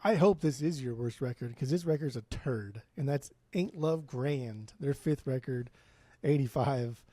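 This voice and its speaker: A man's voice: mid-range voice, unhurried, warm tone, no room sound. A man co-hosting a podcast in casual chat, rambling, swearing freely and restarting his sentences. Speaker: podcast co-host. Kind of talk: casual chat about music.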